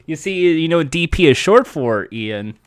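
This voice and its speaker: A man putting on a slow, deep radio announcer voice as a joke. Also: lively intonation, dry recording, natural voice. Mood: mock-serious. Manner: slow, low, mock-announcer delivery.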